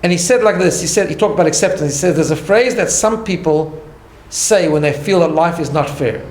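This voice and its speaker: A man's voice: fairly high pitch, brisk, a little mellow. Emphatic man teaching, echoey hall. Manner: conversational, emphatic, many restarts and "right?". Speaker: rabbi teaching a class. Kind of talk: informal Torah class. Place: study hall. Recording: echoey room, faint background hum.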